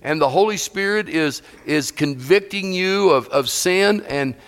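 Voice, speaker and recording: A pastor preaching a sermon, emphatic and repetitive, often asking the congregation questions. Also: male voice, sits high, a little slow, fairly bright tone, in a large hall. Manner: emphatic, repeats phrases, asks the congregation questions.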